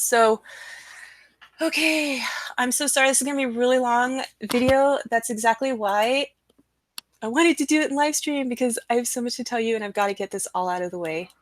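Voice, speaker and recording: A young adult woman hosting a casual live stream, talking in an excited, rambling way with lots of fillers. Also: on the high side, no room sound. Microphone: computer mic, screen sharing.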